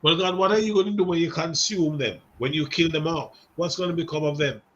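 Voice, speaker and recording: A man voicing Moses as a worried leader, quickly questioning God during a Bible lesson. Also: fairly high pitch, a bit bright, muffled recording, lightly acted. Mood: anxious.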